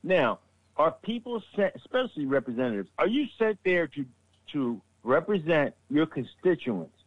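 Dude cohosting a political podcast, kinda high voice bouncing around, rambles and restarts, muffled lo-fi mic. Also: male voice, very animated, normal speed, dry recording. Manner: rambling, stammering restarts, swears. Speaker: podcast co-host. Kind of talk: casual political chat. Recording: dull lo-fi mic.

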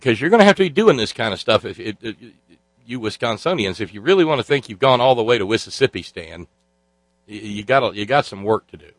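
A man's voice: on the low side, animated, fast, no room sound, poor audio. A man hosting a talk show, delivering sarcastic political commentary in a rambling way full of filler sounds. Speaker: radio talk show host.

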